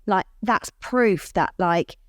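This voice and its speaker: A woman's voice: mid-range voice, animated, slow pace, dry recording, studio quality. A woman co-hosting a podcast, earnestly reassuring listeners in casual chat. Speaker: podcast co-host. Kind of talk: casual chat giving advice.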